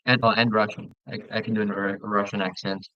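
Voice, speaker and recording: A man chatting casually while playing a game with a friend, relaxed and talkative, often stumbling and restarting his sentences. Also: lowish voice, fairly quick, dry recording, muffled recording. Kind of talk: casual gaming chat.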